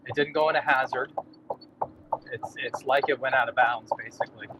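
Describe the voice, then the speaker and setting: A man's voice: medium pitch, steady tone, fairly quick, lo-fi sound, very noisy. A man playing golf and co-hosting a livestream, talking plainly through his shots outdoors on the course. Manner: plain-spoken, mildly frustrated, talks through his shots. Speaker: golfer and co-host. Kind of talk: casual talk while playing golf.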